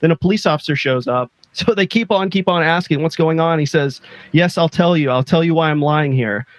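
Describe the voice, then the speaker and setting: A man's voice: on the high side, a little fast, no room sound. A man co-hosting a casual podcast, enthusiastically recounting a music video and acting out its lines. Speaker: podcast co-host. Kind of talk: casual chat.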